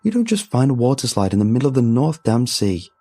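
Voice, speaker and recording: A man's voice: very animated, fast, warm tone, husky. A man voicing a panicky young sailor who snaps sarcastically, in a spoken horror story. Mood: exasperated panic. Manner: shrill, sarcastic, frantic.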